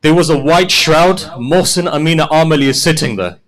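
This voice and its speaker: Grieving preacher with an impassioned, rising voice. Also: male voice, brisk, low-quality recording. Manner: builds from soft storytelling to high, loud, wailing climax; quotes figures in dialogue while narrating. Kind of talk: Muharram sermon, mourning narration.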